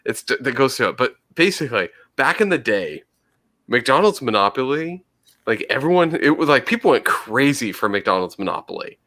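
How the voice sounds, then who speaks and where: Man, podcast co-host, casual chat, bright forceful tone, animated, swears. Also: mid-range voice, moderate pace. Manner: animated, swears freely, trails off and restarts.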